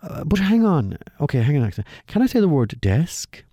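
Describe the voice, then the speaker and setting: A man's voice: a little fast, dry recording, studio quality. A middle-aged Irish man giving a humorous scripted radio commentary, telling stories with wry timing. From Ireland. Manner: wry storytelling with lively shifts in pitch.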